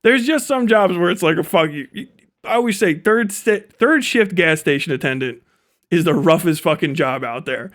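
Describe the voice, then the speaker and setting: A man's voice: on the high side, moderate pace. A young man hosting a livestream, ranting casually with lots of swearing and laughter. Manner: profane, laughing, animated storytelling. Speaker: livestream host.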